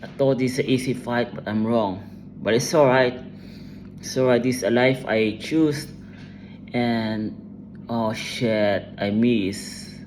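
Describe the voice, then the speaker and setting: A man's voice: mid-range voice, takes it slowly, a little mellow, a little hiss or hum. A man delivering an intense, rambling personal monologue, emotional and full of profanity.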